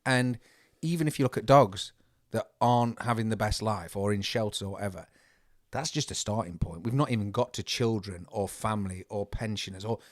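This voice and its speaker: A man's voice: on the low side, a little fast, dry recording, clean studio sound. A man, a podcast guest talking in a casual, rambling way with many restarts. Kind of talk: casual chat. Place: indoors on a converted bus.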